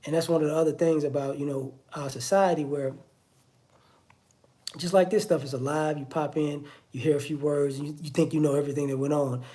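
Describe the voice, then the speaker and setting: A man's voice: fairly high pitch, steady tone, a little fast, mellow. A man giving a casual spoken monologue, conversational and repetitive. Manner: conversational, repeats "you know what I'm saying". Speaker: online commentator.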